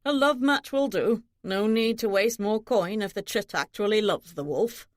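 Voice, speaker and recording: A woman voicing a forgetful, hard-of-hearing old father who grumbles and demands loudly. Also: high voice, normal speed, dry recording, clean studio sound, close to an everyday voice. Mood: gruff. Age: older.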